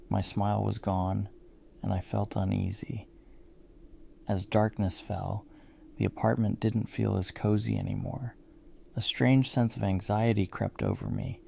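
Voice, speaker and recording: A man reading a first-person horror story aloud in a measured, grim storytelling manner. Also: deep voice, creaky, dark tone, slight background noise.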